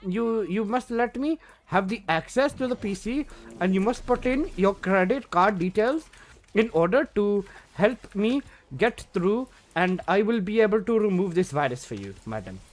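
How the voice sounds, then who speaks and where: A man voicing a pushy male tech-support scam caller with a put-on Indian English accent and stiff, wheedling phrasing. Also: high-pitched. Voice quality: formal broken phrasing, wheedling.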